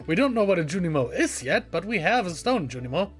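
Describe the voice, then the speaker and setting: A chatty man narrating a cozy farming game as a let's play host, casual and self-deprecating. His voice sits a bit high for a man, with faint game music underneath. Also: big pitch swings, normal speed. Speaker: gaming channel host.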